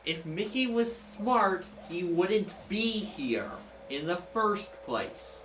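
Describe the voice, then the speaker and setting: A man's voice: high voice, very animated, takes it slowly, a bit bright. Guy chatting over a game, dry matter-of-fact tone, echoey room, lots of noise. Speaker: gamer co-commentating. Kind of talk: casual let's-play chat. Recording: echoey, distant mic, noisy background.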